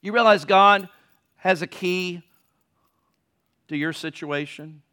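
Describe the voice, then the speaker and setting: A male pastor with a high, bright voice gives a sermon. He talks to the congregation like a conversation, asks them questions and repeats phrases for emphasis. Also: slow pace. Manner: conversational preaching with rhetorical questions and emphatic repetition.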